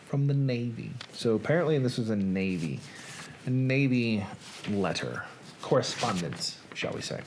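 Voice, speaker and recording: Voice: medium pitch, lively intonation, normal speed, noisy background. A host chatting casually on a live reading show, joking and reacting to viewers.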